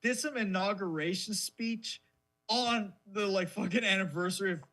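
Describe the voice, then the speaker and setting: A man's voice: sits high, moderate pace, bright, forceful tone. A man co-hosting a podcast in casual chat, ranting in a mocking, profane way. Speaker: podcast co-host.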